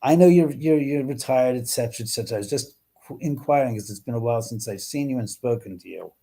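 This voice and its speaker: Mellow, husky-voiced man hosting a livestream. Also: medium pitch, fast. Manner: chatty and exclamatory, swears casually. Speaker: livestream host. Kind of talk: casual live-stream chat, answering viewers. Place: at home.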